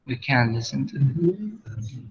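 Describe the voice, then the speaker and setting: A man teaching an English class, explaining slowly with pauses and fillers, sometimes switching to Arabic. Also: mid-range voice, expressive, muffled recording, slight background noise. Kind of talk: online class lesson.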